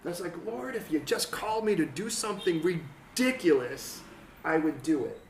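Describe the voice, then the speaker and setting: A man preaching a conversational sermon as pastor, acting out quotes and building to excited peaks. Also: fairly high pitch, normal speed, a little hiss or hum. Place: church hall. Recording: roomy church sound from a distant mic.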